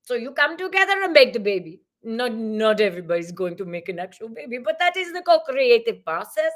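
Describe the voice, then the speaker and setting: A woman's voice: a little high, sing-song, fairly quick, a bit bright. A woman voicing a jolly, exuberant male spirit channeled during a tarot livestream, gasping and making uplifting pronouncements.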